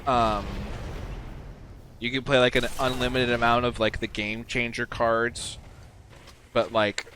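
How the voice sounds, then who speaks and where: Rambling young man, loud gunfire behind. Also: mid-range voice, flat delivery, measured pace. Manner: rambling, many fillers and restarts. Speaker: podcast co-host and gamer. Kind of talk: casual chat while gaming. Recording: game sound noise behind. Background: video game gunfire.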